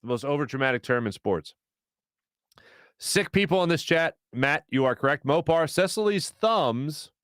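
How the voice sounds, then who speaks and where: Animated man hosting a sports talk show. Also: a little high, normal speed, dry recording, studio quality. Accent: Philadelphia. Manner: animated, rambling, jokey, lots of fillers and asides. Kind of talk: live show reading chat comments. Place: small studio. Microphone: studio mic.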